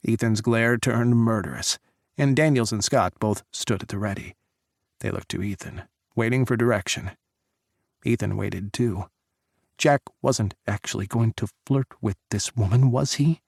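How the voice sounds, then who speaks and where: A man narrating an audiobook in measured, dramatic storytelling. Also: on the low side, gravelly, a little mellow, no echo, studio quality. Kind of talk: scripted narration.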